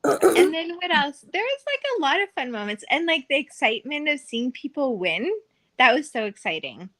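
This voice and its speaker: A woman's voice: high-pitched, sing-song, normal speed, sharp tone. A woman telling casual stories as a podcast guest, chatty and full of fillers, often laughing. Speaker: podcast guest, former casino dealer. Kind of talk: casual storytelling.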